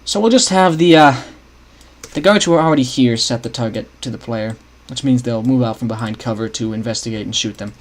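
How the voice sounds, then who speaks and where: Here a young man talks through his game map scripting on a livestream, musing out loud, frequently restarting, and engaging casually with his audience. His pitch is medium and his pace fairly quick.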